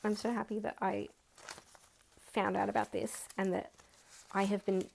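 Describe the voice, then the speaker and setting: A woman in her twenties with an Australian accent, chatting excitedly and counting money aloud in a casual budgeting vlog. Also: mid-range voice, moderate pace, vocal fry, slight background noise. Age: 20s. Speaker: budgeting vlogger. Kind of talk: casual chat.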